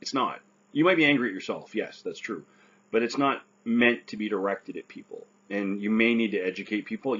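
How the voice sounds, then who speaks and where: A man with a husky, fairly low voice talks earnestly about getting back to work, often asking "right?" as he goes. The recording is dull and lo-fi. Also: brisk, a bit bright. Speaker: stroke survivor giving advice. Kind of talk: casual advice talk.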